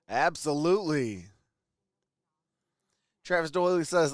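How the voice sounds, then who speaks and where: A man hosting a casual live stream with a hoarse, worn-out voice, who greets viewers one by one and laughs often. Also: high-pitched, slow, fairly bright tone, no room sound, studio quality. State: hoarse, voice nearly gone. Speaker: livestream host.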